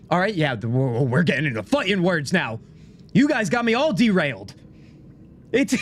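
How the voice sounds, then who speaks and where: A man live-streaming a game, chatting with his viewers in an animated, mock-indignant, joking way into a desk microphone. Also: high voice, slight background noise. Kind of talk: casual gaming live stream, talking to chat.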